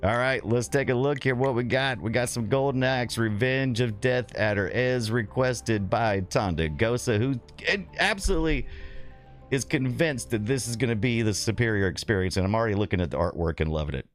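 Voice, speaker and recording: A man's voice: medium pitch, moderate pace, soft background music. A middle-aged man streaming a retro game, chatting casually, rambling and laughing while reading his chat.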